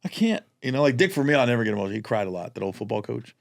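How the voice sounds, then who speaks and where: A man co-hosting a podcast as a comedian, telling stories in casual chat and acting out quotes in high voices. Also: rapid-fire, vocal fry.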